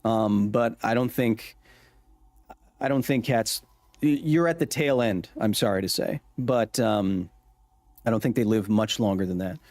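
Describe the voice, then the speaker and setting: A man's voice: lowish voice, unhurried, darkish tone, no room sound. A man hosting a casual gameplay livestream, joking as he reads and answers his chat's messages. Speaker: livestream host.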